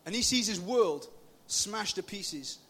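Guy preaching to kids over a PA, super high voice, chatty and loud at times. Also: slow, breathy edge. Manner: chatty, lively, bursts into shouting. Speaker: youth speaker. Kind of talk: informal youth sermon. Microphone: PA microphone.

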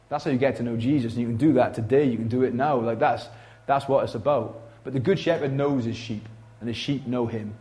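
A man preaching in a church, talking to the congregation in a casual, conversational way. His delivery is animated, and his voice rises loud and then drops to near hush. His pitch sits in a plain middle range for a man. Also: fast talker. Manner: conversational, animated preaching with big swings in loudness. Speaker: pastor. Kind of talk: sermon.

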